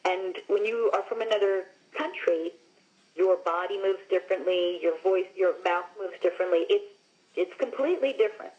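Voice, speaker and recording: In a casual interview, a guest actress from Long Island, New York, tells stories with energy, frequently dropping "like" and "you know." Her lowish, darkish voice keeps a moderate pace, and the audio is dull.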